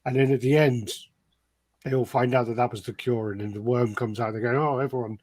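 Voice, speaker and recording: A man's voice: medium pitch, little pitch movement, a little fast, darkish tone, no echo. A man co-hosting a collectibles podcast, telling long rambling stories in casual chat and swearing freely. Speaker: podcast co-host.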